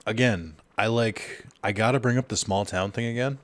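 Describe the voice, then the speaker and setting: A man's voice: fairly low pitch, moderate pace, a bit bright, dry recording. A man giving casual gameplay commentary, rambling through a personal story with lots of fillers. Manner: rambling, filler-heavy, storytelling while playing. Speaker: let's play host.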